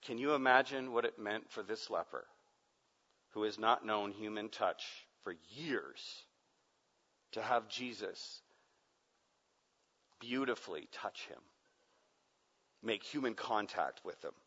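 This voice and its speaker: Dramatic preacher man, bright and echoing. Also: fairly low pitch, takes it slowly, pauses often, breathy edge. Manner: dramatic, swings from hushed to loud shouting. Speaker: pastor. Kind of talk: sermon. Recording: muffled sound with long hall reverb.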